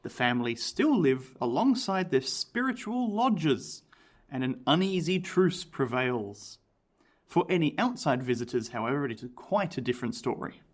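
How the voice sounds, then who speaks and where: A man's voice: mid-range voice, moderate pace. A man from Australia, co-hosting a podcast, reading a book aloud and chatting with jokes. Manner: animated, jokey, laughs often. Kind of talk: casual chat and reading aloud.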